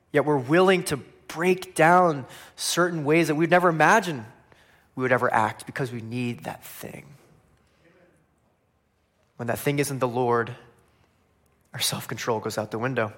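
A man preaching a sermon, animated, acting out voices of people he speaks of and dropping quietly at line ends. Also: on the high side. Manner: animated, acts out quoted voices of biblical figures; swings between loud emphasis and quiet, dropping line ends. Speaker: pastor.

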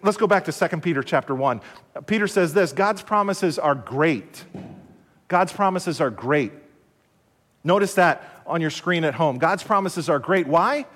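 A man preaching a broadcast sermon in a measured way, repeating key phrases and asking rhetorical questions. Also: on the high side, expressive, a bit bright, long reverb tail. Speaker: pastor.

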